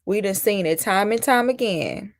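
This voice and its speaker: A woman's voice: mid-range voice, normal speed, vocal fry, no echo, clean studio sound. A woman, hosting a casual live-stream reality-show commentary and chatting with viewers. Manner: chatty, reacts to viewer comments, mimics people mockingly. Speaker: host.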